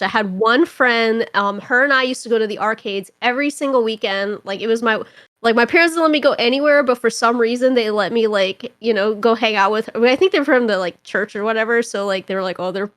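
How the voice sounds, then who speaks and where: A young woman from Toronto, a podcast guest telling stories in casual chat, animated and rambling, with constant filler words. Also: a little high, a little fast, no echo. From Toronto, Canada.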